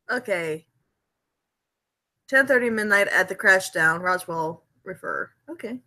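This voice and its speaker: A woman hosting a casual live stream from home, giddy, laughing often and repeating herself excitedly. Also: on the high side. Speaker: livestream host.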